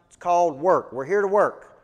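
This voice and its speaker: A Southern US man teaching a business seminar, his voice sitting a little high for a man. He drives his points home with folksy phrasing and rhetorical questions. The sound rings with a long reverb from the hall. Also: normal speed. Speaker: business coach.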